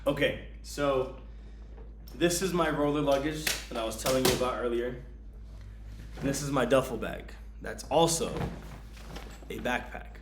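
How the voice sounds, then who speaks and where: A man vlogging about his travel gear in a casual, slangy way, with many ums and bursts of excitement. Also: medium pitch, unhurried, long pauses, noisy background.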